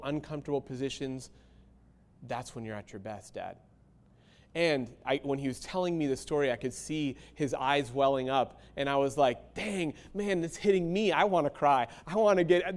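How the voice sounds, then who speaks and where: A man's voice: medium pitch, darkish tone. A man in his forties giving an earnest motivational talk to a crowd, with many fillers and restarts. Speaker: speaker.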